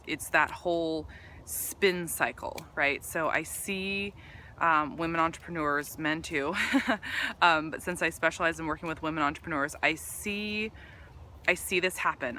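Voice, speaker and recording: Earnest woman coach, bright tone, loose rambling delivery full of fillers, talking straight to camera. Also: low-pitched, a little hiss or hum. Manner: earnest, rambling, many ums and restarts. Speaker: business coach for women entrepreneurs. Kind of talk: casual talk to camera. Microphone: camera mic.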